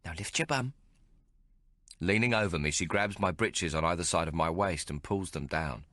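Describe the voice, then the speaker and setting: A man narrating an audiobook in the first person, measured and descriptive. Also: low-pitched, a bit bright, no room sound, studio quality.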